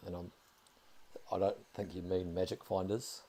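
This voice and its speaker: A man with a New Zealand accent chatting casually while streaming a game, dropping the odd "bloody" and getting excited over finds. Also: sits low, normal speed, pauses often, slight background noise. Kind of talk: casual live-stream commentary.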